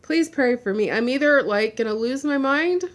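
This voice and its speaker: Frustrated woman vlogger, blunt and venting, slightly high voice. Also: expressive, moderate pace. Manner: blunt, swears. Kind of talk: personal video update.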